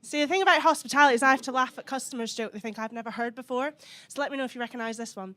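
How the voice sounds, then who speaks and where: Sardonic Scottish Highland woman doing stand-up. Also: racing, few pauses, fairly bright tone. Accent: soft Scottish Highlands. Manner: dry, sweary, sardonic delivery. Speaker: stand-up comedian. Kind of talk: stand-up comedy set. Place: comedy club stage.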